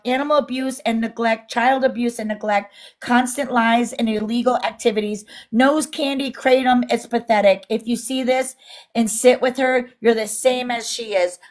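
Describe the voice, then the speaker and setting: A woman co-hosting a casual livestream, reading viewer comments aloud in an indignant tone. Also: a little high. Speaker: livestream co-host. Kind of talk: casual live-stream chat.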